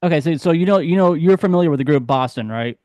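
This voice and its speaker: A man's voice: fairly high pitch, expressive, quick pace, warm tone, dry recording, studio quality. A man hosting a podcast in casual chat, rambling and correcting himself, laughing easily. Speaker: podcast host.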